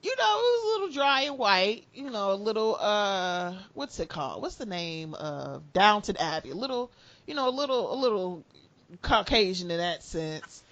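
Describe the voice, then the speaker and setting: Animated joking woman on a muffled podcast. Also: medium pitch, normal speed, no echo. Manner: animated, joking, laughs often. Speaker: podcast co-host. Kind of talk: casual comedic chat.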